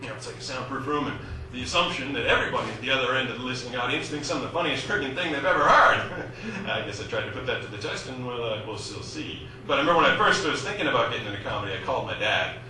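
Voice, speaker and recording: Boston stand-up comic in an echoey club. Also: male voice, medium pitch, animated, racing, sharp tone. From Massachusetts, USA. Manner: wry, self-mocking storytelling, loose and chatty. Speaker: stand-up comedian. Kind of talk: stand-up comedy set. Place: small comedy club, live audience. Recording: echoey club from a distant camera, audible noise.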